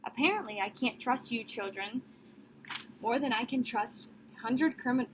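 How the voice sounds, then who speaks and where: A woman's voice: a little high, unhurried, noisy background, lightly acted. A woman voicing a stern, cold middle-aged male prison warden who barks and roars at children. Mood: stern scolding.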